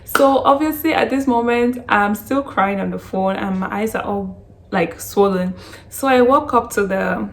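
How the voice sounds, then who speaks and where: A woman's voice: mid-range voice, measured pace. Young woman telling a story on her vlog. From Canada. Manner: lively retelling full of "like" and acted quotes. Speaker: vlogger.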